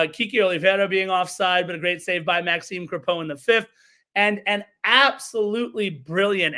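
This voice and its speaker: A man's voice: high-pitched, a bit bright. A man hosting a live soccer podcast, recapping a match with enthusiasm and chatty self-corrections. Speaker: podcast host.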